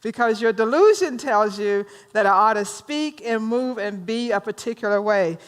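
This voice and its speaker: A woman's voice: a little high, animated, normal speed, clean tone. A woman minister from rural North Carolina with a Southern drawl, teaching a workshop in a conversational way and teasing her audience with questions.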